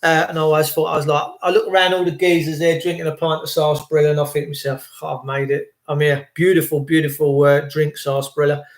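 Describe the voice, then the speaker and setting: A man's voice: a little high, little pitch movement, fast, hardly any pauses, reverberant. A middle-aged man with a South London accent, ranting earnestly and preachily in a casual monologue to his viewers, often repeating himself. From England. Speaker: online talk host.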